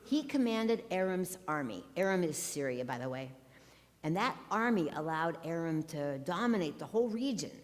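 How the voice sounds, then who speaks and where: A woman pastor preaching a sermon from the pulpit, with wry, sarcastic asides. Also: sits low. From Ohio. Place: church sanctuary. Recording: long church reverb.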